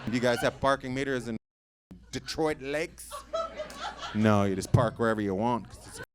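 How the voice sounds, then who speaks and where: A man doing stand-up comedy, teasing the crowd loudly with crude banter from a club stage. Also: mid-range voice, moderate pace. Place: comedy club stage before a live audience. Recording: live club recording with noise.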